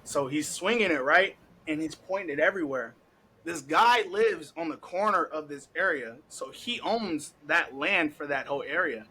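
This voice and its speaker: A young male podcast host tells a story in a casual, animated manner, laughing often, cursing heavily, and acting out what people said. His voice is a little high and husky, at a moderate pace, on a low-quality recording.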